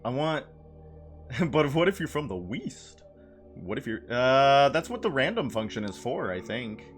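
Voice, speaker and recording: A man's voice: mid-range voice, very animated, unhurried, soft background music. A man live-streaming a game, chatting playfully with his chat, laughing and repeating phrases. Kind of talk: casual live-stream chat while gaming.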